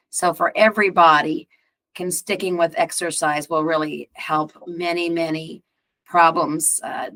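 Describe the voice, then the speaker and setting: A woman co-hosting a health podcast, explaining breathing and recovery calmly. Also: lowish voice. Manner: calm, explanatory. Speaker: podcast co-host. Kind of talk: casual advice chat.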